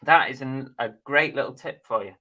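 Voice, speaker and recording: A man's voice: medium pitch, moderate pace, pushed and bright. A man hosting a casual live stream, chatting bluntly and jokily while reading out viewer comments.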